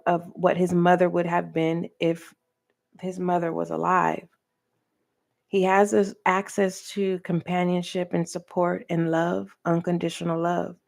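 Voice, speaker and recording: Gravelly-voiced woman giving a tarot reading. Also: lowish voice, darkish tone. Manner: earnest, preachy, speaks with pauses and direct address. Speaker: tarot reader. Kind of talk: spiritual tarot reading monologue.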